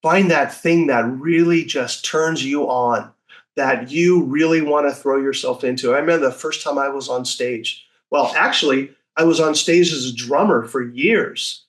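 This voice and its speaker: A man in his sixties telling stories as a podcast guest, lively and acting out the voices of people he quotes. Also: medium pitch, moderate pace. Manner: animated, acts out quoted voices. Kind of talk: casual storytelling.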